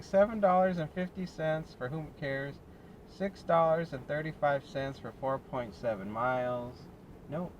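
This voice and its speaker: A fairly high-voiced American man talks his way through a delivery shift from behind the wheel, a little out of breath. His chat is loose and self-mocking, broken up by laughs. Steady car and road noise runs under his voice. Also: low-quality recording. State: winded, short of breath. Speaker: delivery driver vlogger. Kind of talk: casual running commentary while driving. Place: inside a car on city streets. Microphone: dash cam or phone mic in car.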